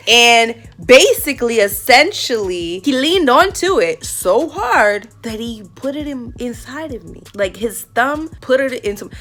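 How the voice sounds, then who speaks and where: A woman's voice: medium pitch, a bit bright. A young adult woman telling a casual story, candid and profane, acting out the lines of the people in it. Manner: candid and profane, acts out quoted dialogue.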